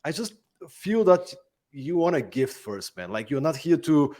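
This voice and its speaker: A man's voice: fairly high pitch, very animated, a little slow, a little mellow. A man hosting a podcast interview, enthusiastic, laughing easily and often repeating words as he starts sentences. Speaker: podcast host. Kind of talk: casual interview chat.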